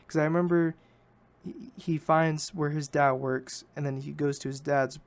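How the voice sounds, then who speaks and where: A man's voice: a little high, fairly even intonation, normal speed. A man hosting a podcast, recapping a film in a rambling, casual way and often correcting himself. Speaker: podcast host.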